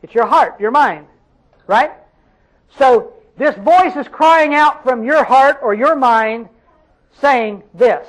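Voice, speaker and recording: A man's voice: very high voice, takes it slowly, a bit bright, low-quality recording. A man with a Southern American accent preaching a sermon in a folksy, emphatic way, calling out questions to his congregation.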